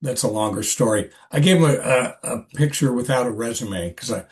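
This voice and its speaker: During a relaxed podcast interview, an older actor with a medium-pitched voice tells of something that happened long ago. His storytelling is halting and roundabout, marked by restarts and filler words as he keeps coming back around.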